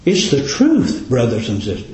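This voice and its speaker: A man's voice: mid-range voice, huge pitch swings, moderate pace, darkish tone. A man preaching a sermon in a folksy, dramatic cadence, full of rhetorical questions. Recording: very echoey room.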